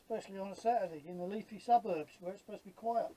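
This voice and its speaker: Mellow-voiced Cockney man in his fifties. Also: high voice, rapid-fire, slight background noise, poor audio. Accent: London Cockney. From London. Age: 50s. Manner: blunt, jokey, swears freely. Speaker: RC model builder host. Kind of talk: casual workshop chat.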